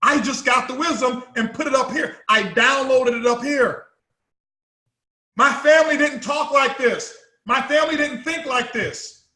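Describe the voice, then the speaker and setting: A man's voice: extremely high pitch, unhurried, pushed and bright, roomy sound. A man giving an emphatic, repetitive motivational talk to an audience as a company chief executive. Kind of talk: motivational speech.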